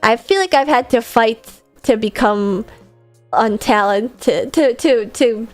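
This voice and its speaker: A woman's voice: fairly high pitch, measured pace, darkish tone, faint music behind. A woman hosting a casual live-stream Q&A, chatty and rambling, with a self-deprecating streak.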